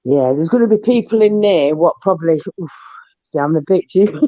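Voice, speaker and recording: A woman's voice: fairly low pitch, lively intonation, moderate pace, dry recording. A woman, congested with a cold, rambling in casual livestream chat. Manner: rambling, chatty, peppered with "you know what I mean". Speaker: panel guest. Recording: dull, lo-fi, dry online call audio.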